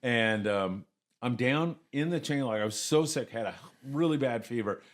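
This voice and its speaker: A middle-aged man casually telling lively anecdotes, often acting out other people's voices. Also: medium pitch, normal speed. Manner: animated anecdotes, acts out voices. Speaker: guest. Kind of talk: casual storytelling.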